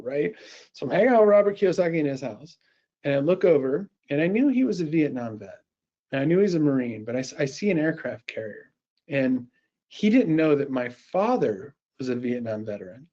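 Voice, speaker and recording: A middle-aged man giving a live sales pitch and software demo, talking in an energetic, conversational way with quick restarts. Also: dull audio. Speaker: sales presenter.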